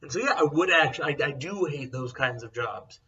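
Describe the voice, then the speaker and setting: A man's voice: on the high side, animated, fairly quick, noisy background. A young man chatting casually as a co-host. He talks bluntly and rambles, full of fillers. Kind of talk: casual chat. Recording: dull, distant mic sound.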